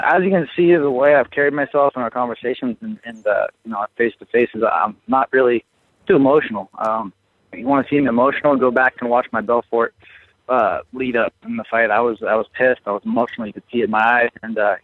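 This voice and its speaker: A man's voice: mid-range voice, fairly even intonation, quick pace, no room sound. A young man on a media conference call, hesitant and full of fillers. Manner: hesitant, many fillers and restarts. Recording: dry tinny phone line.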